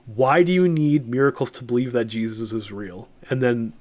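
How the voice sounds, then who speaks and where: A middle-aged man appearing as a podcast guest shares a personal faith testimony earnestly but haltingly, with many restarts and fillers. His voice is mid-range with a darkish tone.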